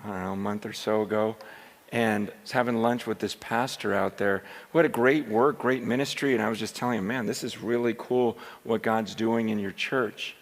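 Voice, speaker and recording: A man preaching a sermon, telling a story casually and then building up to loud, shouted exhortation. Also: lowish voice, fairly even intonation, moderate pace. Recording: long hall reverb.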